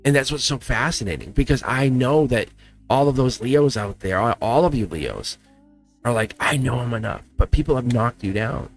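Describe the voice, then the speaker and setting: A man's voice: mid-range voice, expressive, normal speed, soft background music. Chatty man giving a tarot reading. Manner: emotional, chatty, laughing. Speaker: tarot reader. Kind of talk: casual spoken tarot reading.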